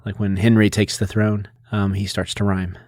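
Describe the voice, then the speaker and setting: A man's voice: lowish voice, level tone, moderate pace, darkish tone, no echo, studio quality. A man co-hosting a podcast, patiently explaining things in a casual, lecturing way. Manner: lecturing, patient, detail-heavy. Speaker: podcast co-host.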